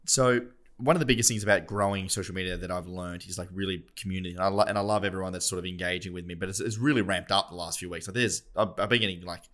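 Rambling young man, low voice. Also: steady tone, racing, a bit bright. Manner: self-deprecating, rambling with restarts. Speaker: podcast co-host. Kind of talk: casual chat.

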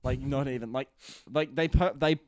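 A man's voice: mid-range voice, normal speed, a little mellow, dry recording. A man talking about a film in a casual chat, enthusiastic and rambling, peppering his talk with "like" and swearing. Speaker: film reviewer.

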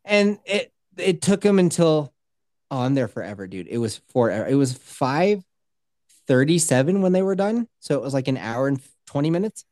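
Lively, profane woman telling stories. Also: low voice, moderate pace, no echo, studio quality. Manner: swears freely and acts out other people's voices. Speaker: podcast co-host. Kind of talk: casual profane storytelling.

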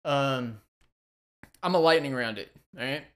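A man's voice: medium pitch, a little slow, fairly bright tone. A man co-hosting a podcast in casual chat, swearing often, laughing and rambling between thoughts. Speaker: podcast co-host.

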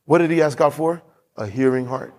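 A man's voice: fairly high pitch, brisk, a little mellow. A man preaching a sermon as pastor in a church, emphatic and given to repeating his lines and reading scripture aloud.

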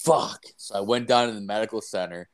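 A man's voice: on the low side, fast. A young man casually telling a rambling, profanity-filled story about a mishap at work. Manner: profane, rambling, acts out voices in anecdotes.

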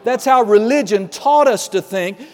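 A male pastor delivers an animated sermon, dropping to a hush and then rising to loud declarations. His voice sits fairly high. The sound carries a long reverb from a large church hall. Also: normal speed. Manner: animated preaching, swinging between hushed and loud.

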